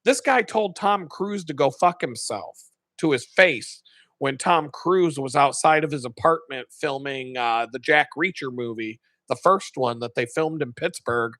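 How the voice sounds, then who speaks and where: A man on a live stream, telling stories in casual, profane, animated talk. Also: medium pitch, a little slow, no room sound. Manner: profane, animated, laughs often. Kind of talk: casual storytelling.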